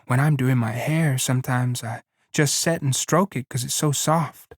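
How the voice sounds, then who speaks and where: A man's voice: mid-range voice, normal speed, no echo, studio quality, lightly acted. A man voicing vain young ranch wife. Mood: teasing. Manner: vain, teasing, complacent. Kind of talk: audiobook reading.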